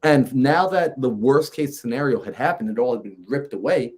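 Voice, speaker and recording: Animated man telling a story. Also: medium pitch, moderate pace, breathy edge. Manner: lively, acts out conversations in his stories. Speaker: mindset coach, podcast guest.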